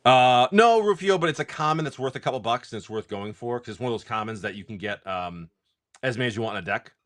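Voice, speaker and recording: This is a man in his forties talking off the cuff during a live card-pack opening stream. He rambles, swears freely and clears his throat often. His pitch moves a lot as he goes, rising and falling through every sentence. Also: lively intonation, quick pace, fairly bright tone. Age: 40s. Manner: rambling, profane storyteller; frequent throat clearing and filler words. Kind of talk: casual live-stream chat while opening card packs.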